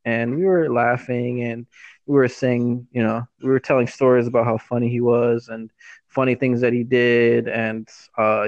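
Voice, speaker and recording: A man's voice: mid-range voice, dry recording. Man rambling on a dull, dry podcast mic. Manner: rambling, halting, with many fillers. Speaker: podcast co-host. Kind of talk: casual podcast storytelling.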